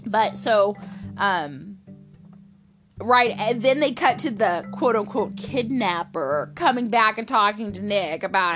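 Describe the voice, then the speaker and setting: A woman casually recapping a soap opera episode in a chatty, animated way. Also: fairly high pitch, measured pace, faint music behind. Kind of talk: casual chat.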